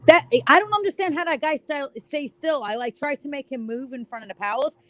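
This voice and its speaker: Woman, fairly high voice, chatty, trails off, casual stream chat. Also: a little fast, pushed and bright. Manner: chatty, filler-heavy, trails off.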